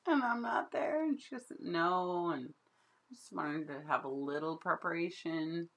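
A woman co-hosting a podcast in casual chat, chatty and quick to laugh. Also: fairly low pitch, a bit bright. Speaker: podcast co-host.

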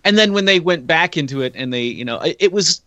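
A man's voice: fairly high pitch, animated, fast, a bit bright, no room sound, lo-fi sound. An American man chatting as a podcast guest, rambling and searching for his words. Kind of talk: casual podcast chat.

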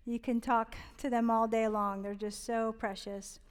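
A Christian parenting speaker with a fairly high voice gives a casual devotional talk on raising children in faith, earnest, warm and heartfelt. She speaks a little slowly with little pitch movement, rambling with fillers and restarts and sometimes dropping to a soft whisper on tender points. Her voice trails into a long hall reverb.

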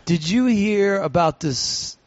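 A man hosting a podcast in casual banter, animated and laughing often, swearing freely. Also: high voice, takes it slowly, no room sound, dull audio. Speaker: podcast host.

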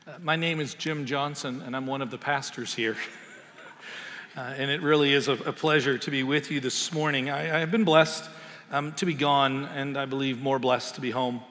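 A man's voice: medium pitch, steady tone, normal speed, a bit bright, slight background noise. A man from Canada preaching as a pastor. He talks in a conversational way, with many "um"s and repeated words, and leads a prayer. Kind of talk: sermon with prayer. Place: church sanctuary. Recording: long reverb of a church hall.

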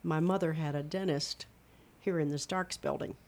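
An older woman from Eastern Kentucky with a regional accent, a retired speech and theater teacher telling stories in a relaxed interview and acting out voices as she goes. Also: low-pitched, normal speed. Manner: animated storyteller, demonstrates voices. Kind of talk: casual interview chat.

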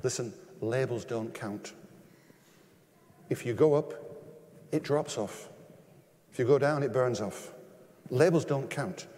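Older pastor preaching in a reverberant hall. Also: male voice, slow, long pauses. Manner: emphatic, rhetorical questions, sudden rises in pitch and loudness. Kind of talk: sermon.

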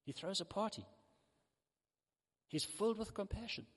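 A man with a high voice delivers a sermon. He tells a parable with animated storytelling and slips into the characters' voices. His words echo with the long reverb of a large hall. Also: moderate pace, husky. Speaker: preacher.

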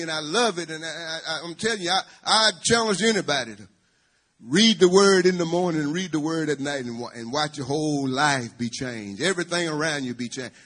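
Husky preacher man calling to his church. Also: sits high, bright, forceful tone. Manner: call-and-response, calling out to the congregation. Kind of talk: church sermon.

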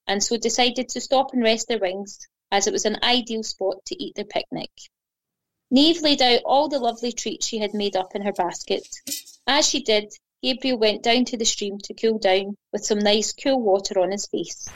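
A woman gently and expressively reading a children's fairy story aloud. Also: fairly high pitch, low-quality recording.

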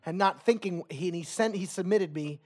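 Man, high voice, rambling storyteller, comedy podcast. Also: fairly quick. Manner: rambling, animated storytelling with restarts. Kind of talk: casual podcast chat.

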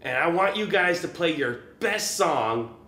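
A man puts on a loud drunk who waves his phone about and insists he is a big-time film scout. He's belligerent and full of himself. The voice climbs high when he gets angry, and it rings in an echoey room. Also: expressive, a little slow. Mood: boastful. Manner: belligerent, pushy. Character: drunk man bragging of a movie studio job.

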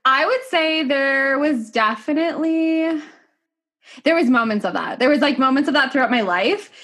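A bubbly young woman chatting casually as a podcast guest, animated and swearing freely. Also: high-pitched, normal speed.

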